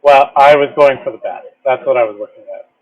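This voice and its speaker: A man playing a tabletop game, tossing in quick wry asides. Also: mid-range voice, a little mellow, slight background noise. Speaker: player. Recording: dull lo-fi mic.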